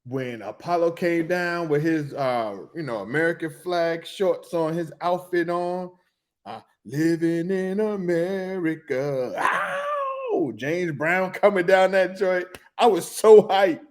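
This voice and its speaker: Slangy, animated man telling a story. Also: fairly high pitch, a little slow, hardly any pauses. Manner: animated, humming tunes and acting out reactions; loose slangy speech with restarts and laughs. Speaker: podcast host. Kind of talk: casual storytelling.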